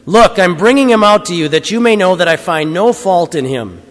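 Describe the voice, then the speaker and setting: A man's voice: high voice, animated, fairly quick, long reverb tail, pitched above the performer's own voice. A man reading the part of a weary, stern Roman governor, raising his voice in questions. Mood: questioning.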